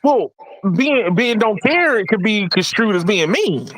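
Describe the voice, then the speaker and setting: A man hosting a casual tech podcast, animated, laughing often and repeating words as he talks. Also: sits high, a little slow, no room sound, rough recording. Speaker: podcast host.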